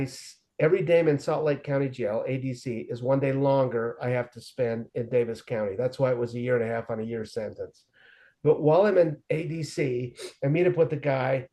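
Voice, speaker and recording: A man in his forties with a mellow, warm tone, telling his life story in an earnest, lively way. He slips into quoted dialogue as he recounts events for an interviewer. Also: medium pitch. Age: 40s. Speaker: guest sharing his recovery story. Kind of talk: conversational storytelling.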